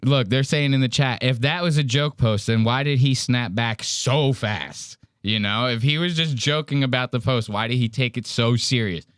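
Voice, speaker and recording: A man's voice: mid-range voice, normal speed, hardly any pauses, a bit bright, clean tone, dry recording, studio quality. A man hosting a casual podcast, telling a story in a profane, mocking way. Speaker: podcast host.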